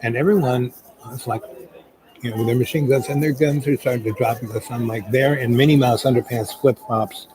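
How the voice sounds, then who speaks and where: Against background crowd chatter, a middle-aged man tells a drawn-out anecdote in a loose, rambling style loaded with "um" and "you know." His medium-pitched voice stays steady and fairly quick, and the recording quality is low.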